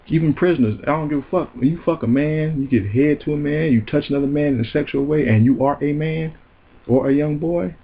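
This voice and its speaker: A man's voice: a little high, a little fast, gravelly, phone-quality sound. A man hosting a comedy show, delivering a heated, profane and mocking rant. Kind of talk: ranting comedic commentary.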